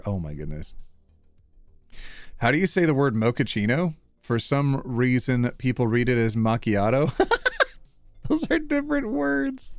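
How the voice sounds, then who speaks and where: A man's voice: mid-range voice, no echo. A man streaming live, reading reddit posts aloud and reacting to his chat with frequent laughter. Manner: animated, laughing often, reacting to viewer comments.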